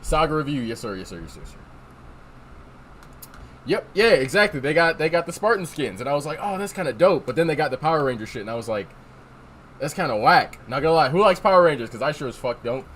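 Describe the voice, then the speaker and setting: A man's voice: fairly high pitch, animated, quick pace, fairly bright tone, a little hiss or hum. A man chatting casually on a livestream, rambling and swearing as he answers chat. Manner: rambling, profane, reads chat aloud. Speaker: streamer. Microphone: desk microphone.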